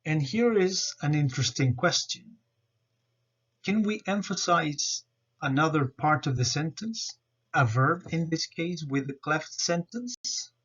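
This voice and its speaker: A man presenting a grammar lesson over slides, explaining in a careful, measured way. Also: a little high, expressive, fairly bright tone, husky. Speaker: student presenter. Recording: dull lo-fi recording.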